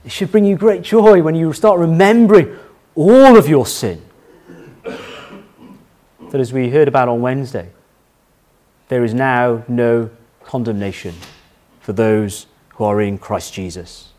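A man's voice: mid-range voice, unhurried, pauses often, dark tone. A middle-aged man preaching a sermon as pastor, telling a family story and repeating key phrases for emphasis.

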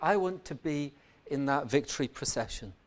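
A man preaching a sermon, asking rhetorical questions and swinging between loud emphatic lines and quiet, reflective ones. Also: fairly high pitch, lively intonation, normal speed.

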